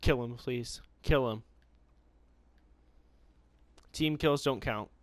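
A young man giving casual, excitable gaming commentary, pleading and yelping in bursts. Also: medium pitch, measured pace, no echo. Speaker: gamer.

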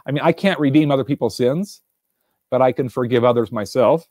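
A man giving a livestreamed devotional fireside talk from a room, earnest and animated, repeating his questions, stumbling over words and reading viewer answers aloud. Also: mid-range voice, brisk, no echo, clean studio sound. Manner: reads viewer answers aloud from a live chat. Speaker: fireside speaker. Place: indoors room, alone.

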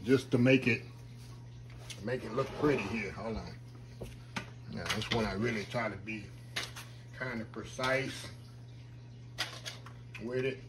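A man's voice: medium pitch, slow, long pauses, noisy background. A man hosting a casual home cooking vlog, folksy and chatty, often calling out to viewers as y'all. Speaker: home cooking channel host.

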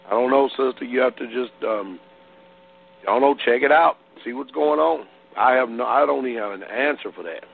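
A man's voice: mid-range voice, moderate pace, creaky, slightly rough. A man hosting a call-in radio show as pastor, greeting callers and answering in short replies over a tinny phone-line sound. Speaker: radio pastor taking calls.

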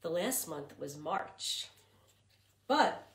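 Animated sing-song librarian for children. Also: female voice, medium pitch, takes it slowly. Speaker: children's librarian hosting story time. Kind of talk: children's story time with chants and songs. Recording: echoey room with faint noise.

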